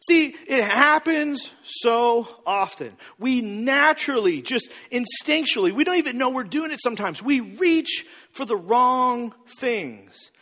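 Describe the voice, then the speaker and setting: High bright-voiced guy preaching, jokey, does silly voices, big echoey hall. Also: a little slow, hardly any pauses. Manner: animated, acts out quoted people in comic voices. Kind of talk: sermon. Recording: long hall reverb.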